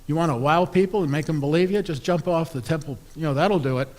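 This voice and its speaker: A preacher voicing the devil as a breezy, bargaining tempter in a sermon story. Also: male voice, fast, a little mellow, lightly acted. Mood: coaxing. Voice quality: breezy, wheedling salesman pitch.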